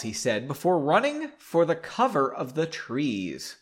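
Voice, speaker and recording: A man's voice: a little high, wildly swooping pitch, unhurried. A man hosting a podcast, reading a story aloud and breaking in with sarcastic, mocking asides. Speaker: podcast host.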